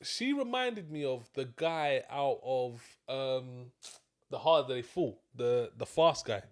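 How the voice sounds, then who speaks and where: A tired man talks through a film in a relaxed, slangy way. His thoughts trail off and restart as he yawns through the chat. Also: mid-range voice, slow. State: tired, yawning. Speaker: film review co-host. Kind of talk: casual review chat.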